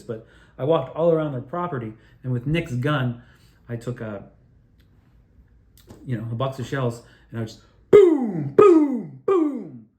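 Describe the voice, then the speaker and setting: A man telling a rambling personal story, excitable and profane, often restarting his sentences. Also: mid-range voice, echoey room. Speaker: video creator telling his own story.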